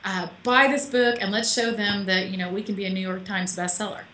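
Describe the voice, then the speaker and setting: A woman's voice: mid-range voice, fairly even intonation, brisk, echoey room, noisy background. A woman author being interviewed over a call from her home office, chatty and emotional, laughing often. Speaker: author guest. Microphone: call audio.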